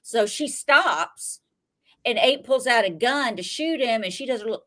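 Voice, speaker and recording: A woman co-hosting a podcast, retelling a TV episode in a rambling, profane, animated way. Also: fairly high pitch, moderate pace. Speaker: podcast co-host. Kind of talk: casual TV recap chat.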